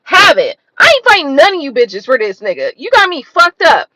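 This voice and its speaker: A woman's voice: sits high, very animated, normal speed, bright, forceful tone, no echo, low-quality recording. A woman hosting her own channel, ranting in a blunt, profane, exasperated way full of rhetorical questions. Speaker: tarot reader and channel host. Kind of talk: unscripted livestream rant.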